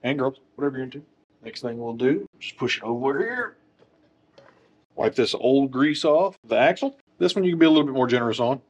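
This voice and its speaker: A man's voice: medium pitch, lively intonation, fairly quick, a little hiss or hum. A man working as a motorcycle technician, talking through a wheel install in a workshop with joking, self-deprecating asides. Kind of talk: casual how-to tutorial.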